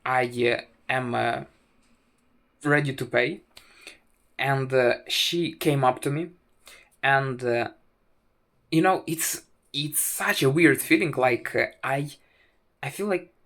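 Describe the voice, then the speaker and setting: A man's voice: medium pitch, fairly bright tone. A man tells a wry, self-mocking story to camera, stopping often on "uh" and restarting his sentences. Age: 20s. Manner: halting, full of "uh" fillers and restarts. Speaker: vlogger.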